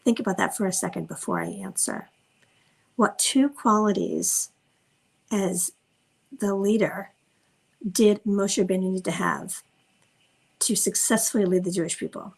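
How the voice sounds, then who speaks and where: A woman parenting coach giving an informal teaching talk, gentle and reflective, slowing down to stress key words. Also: mid-range voice, very animated, gravelly, slightly rough, rough recording. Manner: gentle, reflective, slows down for emphasis.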